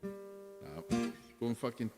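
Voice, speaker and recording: A man's voice: medium pitch, wildly swooping pitch, takes it slowly. A man who is a musician streaming live, chatting casually between songs and a little tipsy, rambling, swearing freely and talking to viewers by name. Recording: long reverb with guitar music behind.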